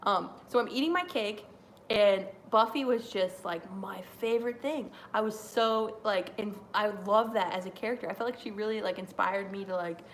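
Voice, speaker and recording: A woman streamer chatting live during a wrestling watch-along, rambling and excitable with lots of fillers. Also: mid-range voice, moderate pace, a little hiss or hum. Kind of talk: live reaction chat.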